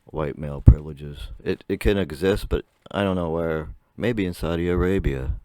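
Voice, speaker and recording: This young male vlogger tells a rambling story to camera in a chatty way, laughing often. His low voice has a dark tone and still cracks at times, moving at normal speed, and there's no room sound in the recording.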